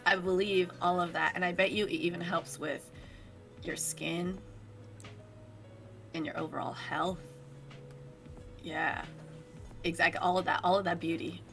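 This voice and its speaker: A woman's voice: fairly low pitch, fairly even intonation, measured pace, creaky, pauses often, a bit bright, faint music behind. A woman co-hosting a morning radio show, bantering playfully and laughing often. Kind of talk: casual morning radio chat.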